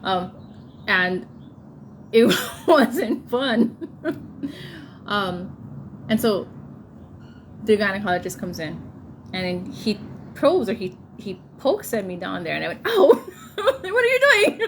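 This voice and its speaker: A woman in her thirties casually telling a personal story, laughing often and getting animated when she quotes people. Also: mid-range voice, slow, pauses often, a little hiss or hum. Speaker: vlogger telling a birth story.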